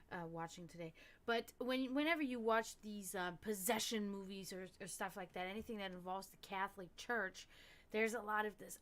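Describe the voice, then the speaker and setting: A woman's voice: fairly high pitch, a bit bright. A woman from Germany, chatting casually on a livestream, rambling off on tangents and swearing when something annoys her. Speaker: streamer reading and discussing esoteric texts. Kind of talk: casual livestream chat with reading aloud.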